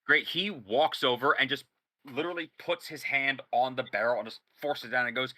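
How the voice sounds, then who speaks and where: A man's voice: medium pitch, normal speed, sharp tone. A man acting as game master, thinking aloud and explaining rules and options to his players. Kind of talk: narrating and ruling a tabletop game.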